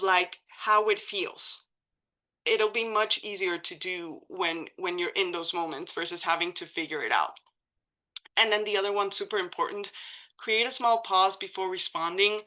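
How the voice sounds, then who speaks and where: A woman's voice: medium pitch, pushed and bright, highs cut off. A woman presenting a training session at a community meeting, speaking casually with frequent fillers and self-corrections. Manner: casual, many likes and ums, self-correcting.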